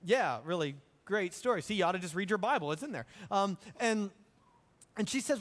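High-voiced preacher in a reverberant hall. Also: male voice, expressive, brisk, fairly bright tone. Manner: jokey, acts out the characters' lines. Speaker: pastor. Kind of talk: sermon storytelling.

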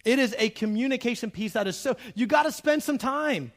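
A middle-aged man, a pastor, preaching a sermon, animated and humorous, acting out bits of dialogue and speaking straight to the congregation. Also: very high-pitched, brisk. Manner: animated, acts out quoted dialogue; humorous, direct address to the audience.

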